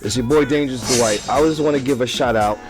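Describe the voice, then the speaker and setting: Animated man co-hosting a cigar chat. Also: mid-range voice, quick pace, over music. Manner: animated storytelling. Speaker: cigar podcast co-host. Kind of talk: casual chat.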